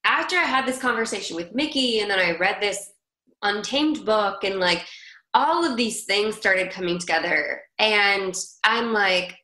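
A woman's voice: mid-range voice, animated, unhurried, sharp tone. A woman guest telling stories in a chatty, casual way, with lots of "like" and "girl". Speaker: guest, country singer. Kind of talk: casual conversational storytelling. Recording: roomy echo.

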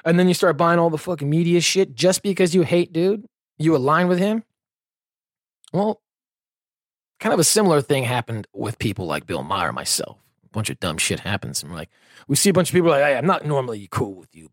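A man's voice: on the high side, no echo, clean studio sound. A man hosting a podcast in an angry, sarcastic and heavily profane comedic rant, full of rambling asides. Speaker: podcast host.

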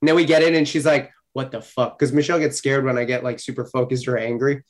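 A man guest in casual podcast chat, blunt and animated, swearing freely as he tells stories. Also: medium pitch, fast.

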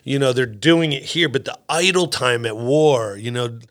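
A man's voice: mid-range voice, moderate pace. A middle-aged man, a comedian, chatting casually on a podcast and telling war-zone show stories, acting out other people's voices. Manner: animated storyteller, acts out quoted voices. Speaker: comedian guest.

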